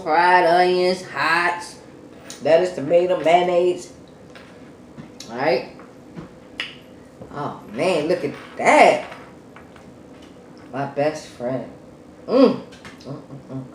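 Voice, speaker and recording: A mukbang vlogger eats on camera, chatting casually with viewers between bites and humming contentedly. His voice is fairly high, his manner slow and relaxed, and the room sounds echoey with faint background noise.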